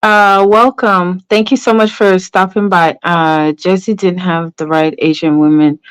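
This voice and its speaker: A woman's voice: on the low side, steady tone, unhurried, smooth, dry recording. Chatty woman hosting a gossip livestream. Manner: chatty, tags lines with "right?" and "okay?"; greets chat viewers mid-story. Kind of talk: casual livestream commentary.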